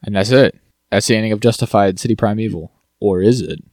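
A man co-hosting a podcast, rambling through a TV recap and slipping into quick mock quotes of the characters. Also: fairly low pitch, a little mellow, dry recording, studio quality. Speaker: podcast co-host. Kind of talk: casual chat recapping TV.

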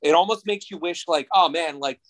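A man in his thirties from New Jersey, a podcast guest telling stories in a casual, excitable and profane way. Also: on the high side, brisk, low-quality recording. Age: 30s. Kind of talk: casual chat.

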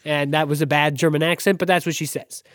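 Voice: mid-range voice, steady tone, fast. A podcast co-host analysing a play in casual chat, thoughtful and discursive, with wry asides.

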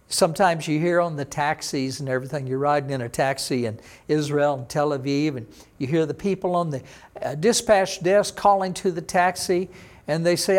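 Higher-voiced male pastor teaching. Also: moderate pace. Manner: explanatory, teaching Hebrew pronunciation. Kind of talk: sermon.

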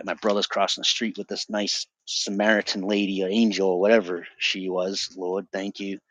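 A man's voice: deep voice, little pitch movement, normal speed, hardly any pauses, fairly bright tone. A man in his forties from the Boston area, a podcast guest telling his personal testimony in an intense, emphatic way with frequent restarts. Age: 40s.

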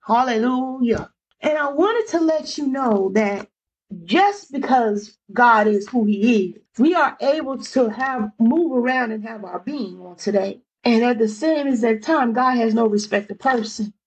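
A woman preaching a fervent sermon in a high, breathy voice. She exclaims and circles back to repeat lines for emphasis. Her tone is husky, with plenty of lift. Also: lively intonation, a little slow, low-quality recording.

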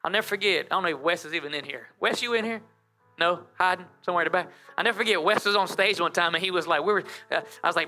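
A high-pitched male pastor delivers a spirited, rapid-fire sermon in church. Addressing the congregation directly, he pulls them into call and response.

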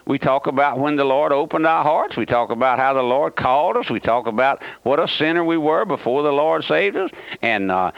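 A man's voice: a little high, expressive, brisk, vocal fry, no echo. A man preaching a radio sermon in a folksy, emphatic way, with many fillers and restarts. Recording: dull, dry radio broadcast.

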